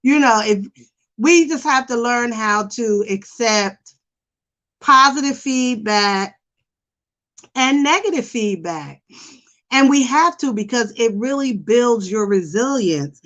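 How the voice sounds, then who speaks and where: A middle-aged woman hosting a psychology podcast, talking in a chatty, animated way with lots of fillers. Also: a little high, slow pace, muffled recording. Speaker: podcast host, psychology professional. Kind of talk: casual chat.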